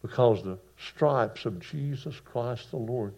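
A man preaching a sermon, folksy and emphatic, moving between hushed passages and loud bursts. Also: mid-range voice, slow. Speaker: pastor. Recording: dull lo-fi sound.

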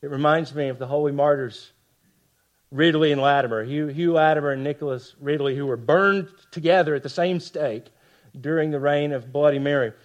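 Impassioned preacher man with a higher voice. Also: brisk, muffled recording. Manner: impassioned, swings from loud emphasis to hushed lines; rhetorical asides to the congregation. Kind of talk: expository sermon.

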